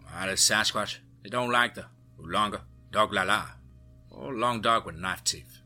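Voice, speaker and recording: A man's voice: on the low side, a little slow, pushed and bright, faint music behind, heavily acted. A man doing a firm male squad leader. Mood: wry. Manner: firm orders. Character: commanding male team leader, steady and decisive.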